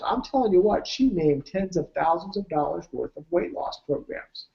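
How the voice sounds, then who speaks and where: A man's voice: sits high, lively intonation, moderate pace, vocal fry, few pauses, darkish tone, dull audio. A man presenting his weight loss program, telling emphatic motivational stories and acting out the dialogue. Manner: emphatic, acts out quoted dialogue. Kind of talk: motivational storytelling.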